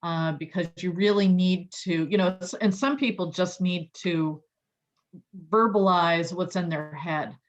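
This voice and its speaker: A woman's voice: lowish voice, fairly even intonation, unhurried. A woman trainer explaining sales skills in a chatty, loose way with many fillers and restarts. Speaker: real estate trainer. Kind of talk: online training talk. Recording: dull lo-fi audio.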